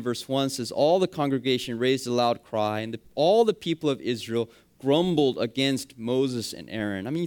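A man preaching a sermon, with emphatic rising phrases that drop quietly at the ends of points. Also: mid-range voice. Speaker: pastor.

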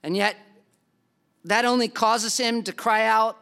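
A man's voice: high-pitched, fairly even intonation, unhurried, vocal fry, pauses often, bright, forceful tone, clean tone. A man preaching a sermon as pastor, earnest and emphatic, acting out the people in the story.

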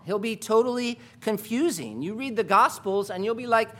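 A man preaching a sermon, emphatic and full of rhetorical questions, moving between quiet asides and loud stresses. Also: very high-pitched, animated, moderate pace, hardly any pauses.

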